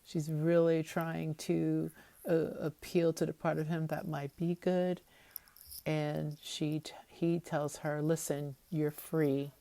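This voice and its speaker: A woman's voice: low-pitched, flat delivery, slow, gravelly, dark tone, dry recording. A woman giving a chatty, wry recap of a TV episode, with lots of fillers as she talks it through. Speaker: TV episode commentator.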